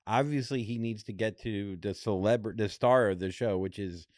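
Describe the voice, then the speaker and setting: Co-hosting a podcast, a man jokes his way through a story with animation, putting on other voices for people's quotes. He speaks at a moderate pace in a lowish voice, recorded with clean studio sound and no room sound.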